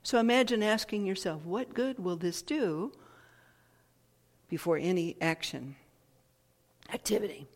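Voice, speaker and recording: A woman speaks slowly and thoughtfully, circling back over her phrases as she reflects. Her voice carries a long reverb, as if recorded in a large hall. Her pitch sits in an ordinary middle range. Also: lively intonation. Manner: thoughtful, slow, with repeated phrases and pauses. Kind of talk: reflective spoken talk.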